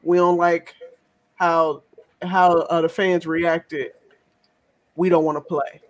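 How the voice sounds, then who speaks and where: A podcast co-host voicing a college basketball player who calmly tells his coach the team won't play. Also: mid-range voice, takes it slowly, voice pushed down, natural voice. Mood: earnest.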